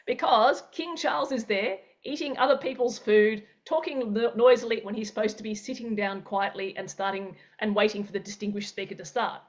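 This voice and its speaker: A woman's voice: a little high, fairly quick, few pauses, muffled recording. A woman teaching an interactive online workshop, acting out everyday scenarios with playful sound effects. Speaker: presenter.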